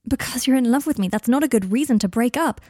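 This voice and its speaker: A woman's voice: a little high, expressive, fast, a little mellow, dry recording, studio quality, voice pushed up. A woman voicing a distraught young man who pleads with his lover in a raised, urgent voice. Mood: pleading.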